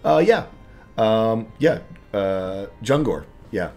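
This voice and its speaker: A man's voice: fairly low pitch, lively intonation, slow, darkish tone, faint music behind. A man narrating as game master of a tabletop game, rambling with many fillers and restarts.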